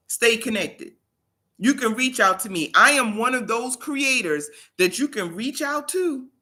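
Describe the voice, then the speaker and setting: Woman, motivational livestream host; bright, forceful delivery, emphatic and preacherly. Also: on the high side. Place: home in South Carolina.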